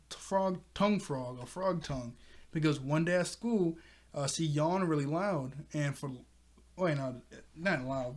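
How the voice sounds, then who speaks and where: A man casually recapping a cartoon episode, laughing often and acting out the characters' lines. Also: on the high side. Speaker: episode reviewer. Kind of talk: casual recap with quoted voices.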